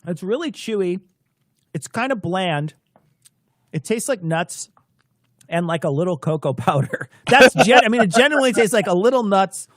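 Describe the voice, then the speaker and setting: A man's voice: high-pitched, animated, moderate pace, a bit bright, dry recording, clean studio sound. A man co-hosting a live stream, chatting and telling stories in a loose, laughing, swearing way with many restarts. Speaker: co-host of a live-stream show. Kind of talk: casual comedic chat.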